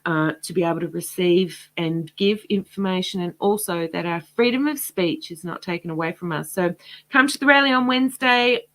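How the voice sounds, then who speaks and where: A woman hosting a livestream, speaking casually and passionately in a rambling way, her voice going hoarse. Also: on the low side, normal speed, fairly bright tone. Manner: impassioned, rambling. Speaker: host of a livestream.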